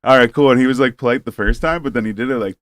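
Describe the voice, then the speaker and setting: A podcast host tells a wild story in a rush, swearing freely and slipping into quoted voices. His voice is mid-pitched and the recording is close and dry, with no room sound. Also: rapid-fire, no room sound. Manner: profane, rambling, animated retelling with quoted voices. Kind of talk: casual storytelling.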